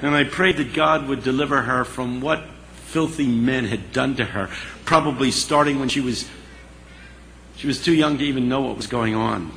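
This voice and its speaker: Gravelly, forceful male storyteller. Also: medium pitch, moderate pace. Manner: animated, dramatic storyteller. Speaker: speaker. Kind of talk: storytelling speech. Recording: long hall reverb, faint hiss.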